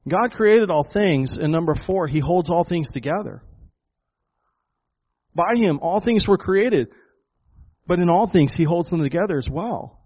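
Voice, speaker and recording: A man's voice: high-pitched, lively intonation, measured pace, pauses often, a little mellow, slightly rough. Emphatic preaching man, lo-fi. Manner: emphatic, repeats words, addresses the congregation as folks. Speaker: pastor. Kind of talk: sermon. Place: church hall with a congregation.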